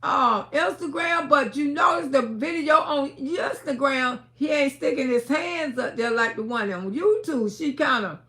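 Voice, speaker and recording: Livestream host, woman, high and gravelly, emphatic storyteller. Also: a little slow, hardly any pauses. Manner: emphatic, swings between hushed and shouting.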